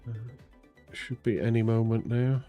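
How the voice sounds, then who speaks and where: A casual man talking through a sim racing live stream, rambling and poking fun at himself. His voice sits at an ordinary middle pitch. Soft music plays faintly underneath. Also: fairly even intonation, measured pace. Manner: chatty, self-deprecating, rambling with fillers.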